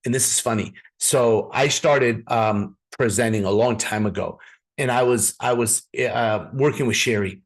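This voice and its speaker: His medium-pitched voice is husky and a little slow. In a live business training delivered by video call, he speaks directly to his audience, tells stories, and tends to repeat words as he begins sentences again.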